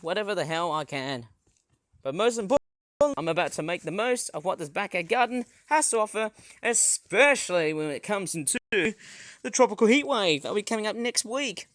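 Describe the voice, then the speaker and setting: A man rambles through a casual garden vlog outdoors. His voice sits a touch high and sounds close and dry, and he keeps poking fun at himself as he trips over words. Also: very animated, moderate pace, fairly bright tone, dry recording. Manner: rambling, self-mocking, stumbles over words. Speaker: vlogger.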